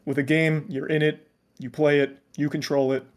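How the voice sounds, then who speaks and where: A man's voice: fairly high pitch, little pitch movement, moderate pace. A man streamer on a call, chatting casually and giving blunt, joking opinions. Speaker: guest streamer. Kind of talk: casual chat.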